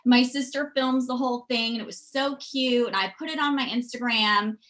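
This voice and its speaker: This is a woman, chatting as a podcast guest. Her voice sits a bit high and sounds bright and forceful. She tells stories in an animated way and acts out the lines of the people in them. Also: moderate pace. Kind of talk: casual storytelling.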